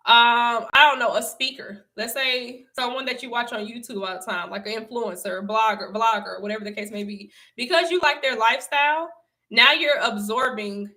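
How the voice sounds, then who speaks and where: A woman's voice: a little high, pushed and bright. A young adult woman hosting a casual livestream, talking to her viewers with emphatic repetition and frequent laughs. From Southern United States. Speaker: livestream host and speaker.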